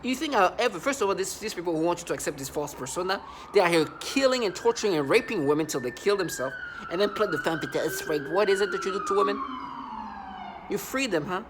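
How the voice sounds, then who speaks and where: A man's voice: sits high, lively intonation, fast, noisy background. A man vlogging an angry monologue, agitated and repetitive, often stumbling and restarting his sentences.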